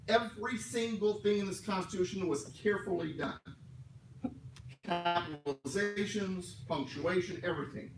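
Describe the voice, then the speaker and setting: A man's voice: high-pitched, normal speed, recorded from a distance, a little hiss or hum. A man teaching a class in a classroom, talking conversationally with joking asides and explaining things word by word. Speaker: class instructor. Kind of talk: classroom lecture. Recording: echoey room miked from afar.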